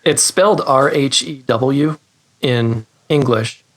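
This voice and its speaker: A man's voice: medium pitch, slow pace. A man who builds guitar pedals, a guest on a podcast, talking in a rambling, self-deprecating way with easy laughs. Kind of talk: casual interview chat.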